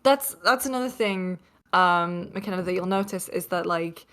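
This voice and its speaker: A woman's voice: fairly low pitch, normal speed, fairly bright tone, clean tone. Young british woman from northeast england, rambly and chatty, lots of ums, video call guest. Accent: softened British English. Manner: chatty, rambling storyteller with fillers. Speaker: podcast guest. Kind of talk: casual chat.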